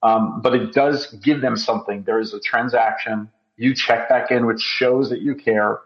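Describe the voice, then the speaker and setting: A man's voice: mid-range voice, steady tone, moderate pace, highs cut off. A man appearing as a physician guest on a podcast, explaining at length with many ums. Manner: explanatory, filler-heavy. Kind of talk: conversational interview.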